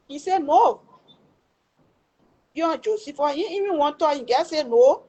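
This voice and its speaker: A middle-aged woman with a Liberian English accent tells an emotional personal story about a family tragedy, acting out the quoted dialogue with exclamations. Her high, mellow voice has lively intonation and a measured pace with long pauses, on a rough recording.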